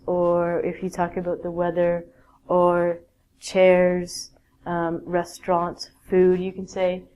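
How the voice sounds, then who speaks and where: A woman teacher gives a basic grammar lesson at an unhurried pace. She speaks clearly, at a middle pitch, and keeps asking "okay?" to make sure her learners keep up. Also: warm tone, a little hiss or hum. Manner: slow, clear teaching with many "okay?" checks. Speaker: English teacher.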